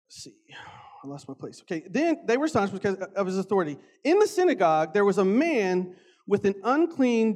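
Give me an animated, conversational male preacher with a very high voice. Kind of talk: casual sermon.

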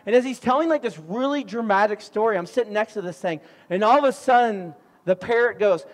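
A middle-aged man preaching a sermon, telling stories in an animated way with sudden loud outbursts. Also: very high-pitched, a little fast, hardly any pauses. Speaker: pastor. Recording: long hall reverb.

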